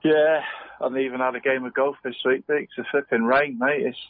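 A man's voice: mid-range voice, fairly even intonation, quick pace. A middle-aged man from Cornwall, co-hosting a casual podcast chat and tucking "mate" into nearly every sentence. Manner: chatty, says "mate" constantly. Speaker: podcast co-host. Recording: dull dry podcast audio.

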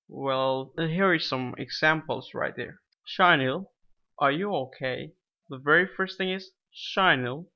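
Male English teacher, slightly high, bright voice; slow, patient explanations that repeat each example, dull lo-fi mic. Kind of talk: explanatory online lesson.

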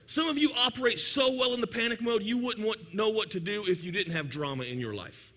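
A man preaching a lively, joking sermon in church, sometimes shouting for emphasis. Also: high-pitched, fairly quick, few pauses. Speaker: pastor. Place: church sanctuary.

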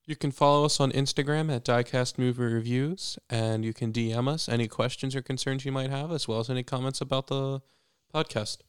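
Young male co-host, smooth voice. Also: mid-range voice, fairly quick, no room sound, clean studio sound. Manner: relaxed, with "like" fillers. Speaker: podcast co-host. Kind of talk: casual podcast chat.

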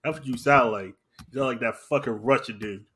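Blunt, bright-voiced man in casual chat. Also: mid-range voice, a little fast, slightly rough. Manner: blunt, profane. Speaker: podcast co-host.

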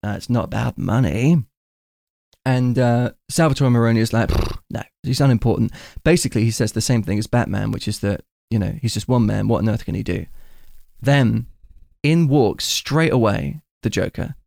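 Male podcast host, gravelly, enthusiastic film buff, dry close sound. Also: medium pitch, normal speed, darkish tone, dry recording. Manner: enthusiastic, retells scenes at length. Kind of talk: casual film discussion.

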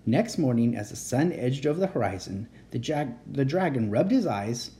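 Storybook reader, animated, lively pitch, mellow tone. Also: moderate pace, hardly any pauses. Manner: expressive, animated narration. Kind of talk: reading a children's chapter book aloud.

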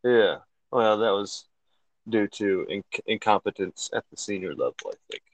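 A man's voice: lowish voice, normal speed, no room sound, poor audio. A man in his thirties co-hosting a casual podcast chat, swearing freely and acting out quotes as he retells things. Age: 30s. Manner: profane, animated retelling with acted-out quotes. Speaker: podcast co-host.

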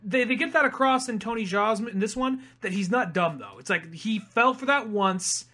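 High bright-voiced young man. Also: animated, moderate pace. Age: young adult. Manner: rambling movie recap acting out lines. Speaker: podcast co-host. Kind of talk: casual chat.

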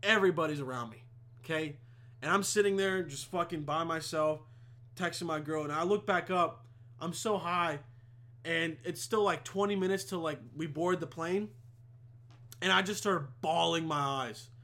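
A man's voice: fairly high pitch, moderate pace, bright, forceful tone. A young man hosting a podcast, telling a rambling, heavily profane story in a casual monologue. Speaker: podcast host.

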